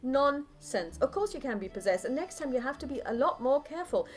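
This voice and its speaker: A woman voicing an indignant nun who scolds briskly and demands answers. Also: sits high, big pitch swings, soft background music, voice pushed up. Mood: exasperated.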